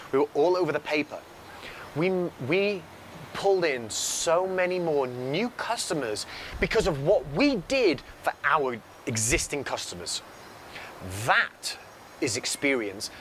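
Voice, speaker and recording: A man telling a business story in a casual motivational talk, animated and repeating phrases for emphasis, speaking from a balcony by a road. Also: on the high side, slight background noise.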